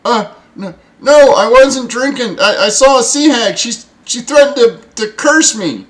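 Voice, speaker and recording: A man voicing a panicked young sailor on lookout who yells in fright and protests his innocence. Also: very high-pitched, lively intonation, unhurried, voice pushed up, rough recording. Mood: defensive. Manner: frantic, yelling. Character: panicked young male ship lookout, shrieking.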